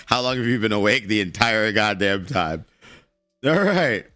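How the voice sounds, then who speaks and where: A male streamer with a somewhat low voice rants through casual live commentary, blunt and profane. Faint music sits underneath him. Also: lively intonation, a little slow, pushed and bright, no echo. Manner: blunt, profane, heated ranting.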